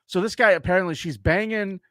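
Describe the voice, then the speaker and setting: A man's voice: high voice, fairly quick, fairly bright tone, no echo, clean studio sound. Casual man reading crime news aloud. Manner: reads news story aloud with jokes, swears casually. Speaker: podcast co-host. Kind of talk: casual comedic chat.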